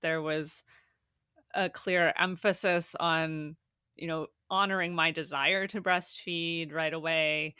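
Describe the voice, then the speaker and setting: A woman guest tells her story in a casual, animated interview. She laughs often as she talks. Her voice is bright and crisp, recorded close on a dry mic. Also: deep voice, slow, no room sound. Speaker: podcast guest.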